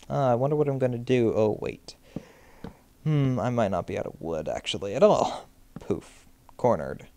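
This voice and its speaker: Young guy narrating his game, slow-ish talker, super jumpy and self-mocking, voice all over the place. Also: on the low side, gravelly, warm tone. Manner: jittery and self-mocking, yelps and pleads at monsters. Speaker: Minecraft let's player. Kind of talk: game commentary.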